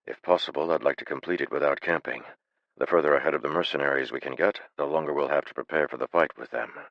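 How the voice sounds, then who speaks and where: Man doing a calm leader, matter-of-fact, flat, dry muffled audiobook sound. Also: rumbling low, fast talker, gravelly, no echo, full character voice. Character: calm unflappable male adventurer leader.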